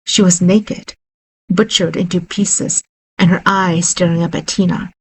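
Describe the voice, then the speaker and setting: A woman narrating a horror story in a steady, unhurried reading voice. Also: fairly low pitch, a little hiss or hum, low-quality recording.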